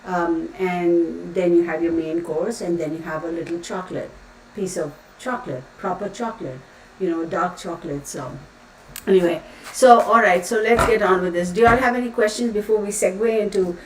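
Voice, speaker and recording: On a casual tarot livestream, a woman rambles and reads comments from live viewers in a fairly low voice at a moderate pace. She's recorded from a distance, off-mic, in an echoey room with faint background noise.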